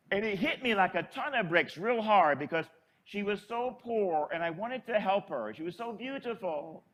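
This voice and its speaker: An older man and priest telling a chatty, animated story in a sermon. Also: high-pitched, moderate pace.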